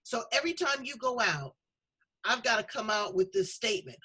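A woman's voice: a little high, lively intonation, moderate pace, sharp tone, husky, poor audio. A middle-aged woman hosting a talk show, chatting in a candid, folksy, emphatic way. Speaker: show host. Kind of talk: casual talk-show conversation.

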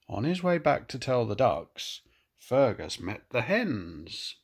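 An older man, a grandfather, gently reading a picture book aloud to children and pointing out the pictures. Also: mid-range voice, wildly swooping pitch, slow pace, breathy edge. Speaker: grandfather storyteller.

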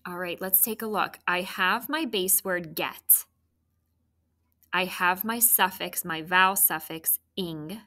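A woman teacher giving a recorded spelling lesson to children, patient and clear, prompting with questions. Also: on the low side, slow pace, bright, forceful tone.

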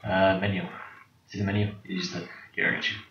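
Teasing young guy doing game commentary, low pitch, far from the mic in an echoey room. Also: little pitch movement, quick pace, a bit bright, dull audio, slight background noise. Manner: joking, teasing. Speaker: gamer. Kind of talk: casual gameplay commentary.

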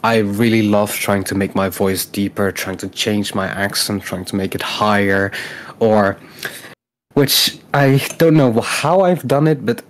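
An upbeat man chats as a podcast guest, with a somewhat low voice. He laughs often and pauses with "um" as he talks about his goals. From Netherlands. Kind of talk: casual interview chat.

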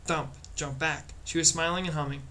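A man's voice: a little high, steady tone, moderate pace, pushed and bright. Man reading a storybook aloud. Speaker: audiobook reader. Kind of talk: storybook narration.

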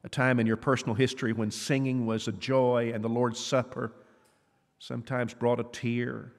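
A man's voice: medium pitch, flat delivery, moderate pace, creaky. A man preaching a sermon in an earnest, conversational way, asking his listeners questions. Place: church auditorium. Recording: long reverb of a church hall.

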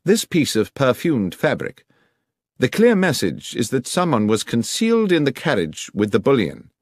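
A brisk, commanding detective, read by a man in an audiobook, every word crisply placed. The voice sits a little above the reader's own and moves in lively rises and falls. The sound is close and dry. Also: mid-range voice, no echo, voice pushed up. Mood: incisive. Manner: crisp, commanding, precise diction. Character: brisk, incisive older male detective. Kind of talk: audiobook character reading.

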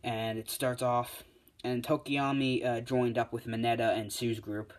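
A man's voice: mid-range voice, level tone, a little slow. Rambling man retelling a fan story. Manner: rambling, full of fillers and restarts.

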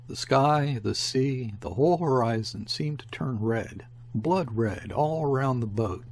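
A man reading a classic short story aloud as an audiobook narrator, in a measured storytelling manner. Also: medium pitch, expressive. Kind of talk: scripted narration.

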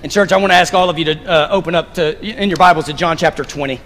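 Pastor, male, high voice, lively stage preacher with a joking touch; long hall reverb. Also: fast talker. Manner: animated, directing volunteers on stage with playful asides. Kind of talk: sermon. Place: church stage. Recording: long reverb of a large sanctuary.

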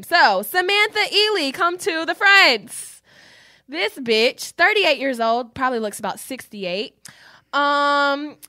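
A woman co-hosting a podcast, telling stories in an animated, profane way. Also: high voice, no echo, clean studio sound. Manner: animated, profane storytelling with acted-out quotes. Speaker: podcast co-host. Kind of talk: casual chat.

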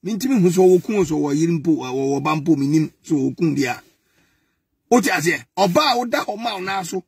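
A man's voice: a little high, animated, normal speed, gravelly, darkish tone, breathy edge, no echo, clean studio sound. A Ghanaian man giving mocking, exasperated political commentary, now and then breaking into laughter.

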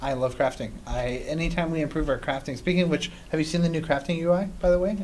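A man hosting a game livestream, chatting excitedly and rambling with plenty of restarts. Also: fairly high pitch, fast talker, slight background noise. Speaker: community host of game livestream. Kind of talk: casual livestream chat while playing.

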